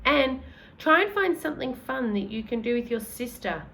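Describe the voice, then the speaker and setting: Woman putting on an old gentleman tramp, polite, old-fashioned, fatherly, highish voice. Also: lively intonation, normal speed, creaky, a little hiss or hum.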